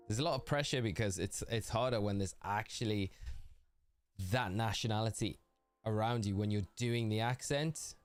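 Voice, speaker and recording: A gaming livestreamer from north-east England chats easily with viewers in a lowish voice, his northeastern accent clear throughout. He laughs often and addresses people by name while faint music plays softly behind him.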